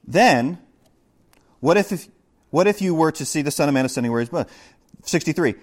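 A middle-aged man preaching a conversational verse-by-verse sermon, animated, with joking asides and acted-out quotes. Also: a little high, brisk, long pauses. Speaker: pastor.

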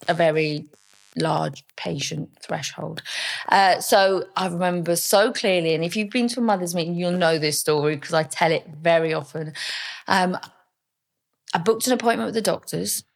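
A woman's voice: on the low side, gravelly. A young woman speaking frankly and chattily as an interview guest, with plenty of fillers. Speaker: podcast guest, mother. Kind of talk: candid interview storytelling.

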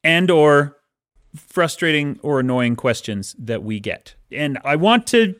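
A man co-hosting a podcast as an author, telling stories in an animated way and laughing easily. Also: fairly high pitch, a little slow, no room sound, clean studio sound. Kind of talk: casual chat.

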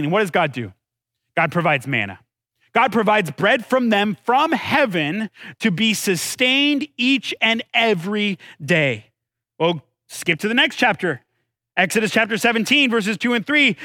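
A man's voice: high-pitched, very animated, moderate pace, sharp tone, dry recording. A man preaching a sermon in a conversational way, asking his listeners questions and telling the story with dramatic drops in his voice. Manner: conversational, asks the congregation questions. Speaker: pastor.

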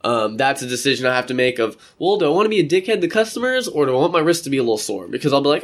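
A young man talking casually to his viewers from an indoor room, rambling from one thought to the next. His voice sits at a middling pitch, and he jumps into playful voices for the people he quotes. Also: sing-song, very fast, few pauses. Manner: rambling, chatty, acts out quotes. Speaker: vlogger. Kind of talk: casual chat.

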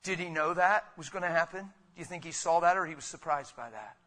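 Animated preacher man with a bright voice. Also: fairly high pitch, fairly quick. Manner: animated, rhetorical, with sudden loud bursts; conversational, calls listeners "man" and "guys". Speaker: pastor. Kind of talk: sermon.

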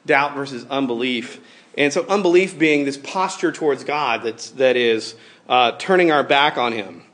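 A man in his thirties preaching a sermon in a conversational, animated way, often acting out quoted voices. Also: medium pitch, moderate pace. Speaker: pastor.

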